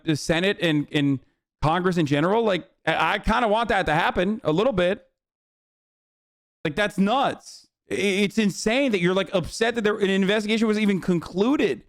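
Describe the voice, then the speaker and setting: High-pitched ranting, profane man. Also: brisk. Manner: profane, heated, sarcastic ranting. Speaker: streamer reacting to a documentary. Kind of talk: casual reaction commentary.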